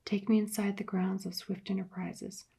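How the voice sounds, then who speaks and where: A woman voicing a threatening male stranger of about thirty in a whispered role-play, giving low, clipped commands. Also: level tone, moderate pace, gravelly, warm tone, slightly rough, exaggerated voice. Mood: menacing.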